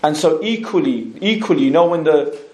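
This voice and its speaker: Slightly high, animated and brisk, this man's voice has a darkish tone. In an echoey room he gives a loose, conversational religious lesson, pausing often to ask via tag questions whether people are following along.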